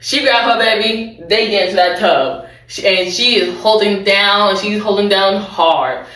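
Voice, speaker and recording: Young woman, casual show recap, rambling and chatty, mid pitch, roomy echo, distant from the mic. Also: unhurried, a bit bright. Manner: rambling, chatty, self-correcting, laughing asides.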